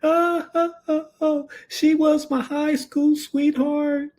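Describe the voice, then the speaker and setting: A man's voice: huge pitch swings, slow, vocal fry, a little mellow, heavily acted. A wailing panicked old man. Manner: high wailing cries.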